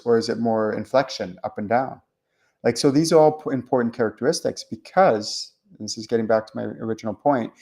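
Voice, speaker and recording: A man hosting a spiritual show, talking casually in a rambling, animated way with many fillers and restarts. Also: mid-range voice. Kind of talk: casual teaching monologue.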